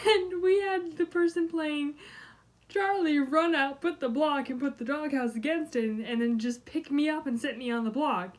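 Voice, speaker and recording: Teen girl vlogger, high-pitched, retells stories animatedly and dramatically. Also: normal speed. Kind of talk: casual storytelling vlog.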